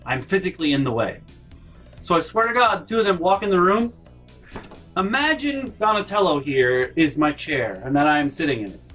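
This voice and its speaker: A man telling a personal story in an animated, profane storytime rant, talking to his camera in his bedroom and shouting at the peaks. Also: on the high side, normal speed, faint music behind. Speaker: storytime vlogger. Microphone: handheld camera in his room.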